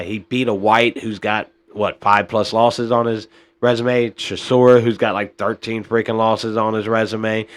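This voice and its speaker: A man hosting a podcast, giving casual boxing commentary in a rambling, frustrated way, often tossing in "man" and "uh.". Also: on the low side. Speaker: podcast host.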